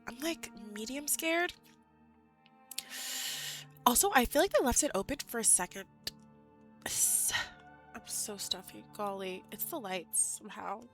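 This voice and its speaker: A woman live-streaming and chatting casually with her viewers, giggly and often correcting herself. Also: on the high side.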